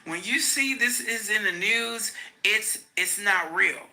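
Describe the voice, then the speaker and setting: A manipulative ex-boyfriend who pleads and makes excuses, as a woman reads his lines from a book. The voice is gravelly with fry and sounds bright and sharp. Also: medium pitch, takes it slowly, voice pushed up, exaggerated voice, rough recording. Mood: evasive. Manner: defensive and pleading. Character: manipulative adult man, ex-boyfriend.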